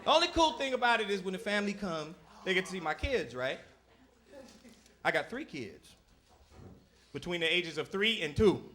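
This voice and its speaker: A man's voice: high-pitched, normal speed, pauses often. A man doing a stand-up set on a club stage, telling stories and slipping into family voices. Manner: animated storytelling, shifting into voices for family. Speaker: stand-up comedian. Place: comedy club stage with audience. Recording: live club recording with loud audience.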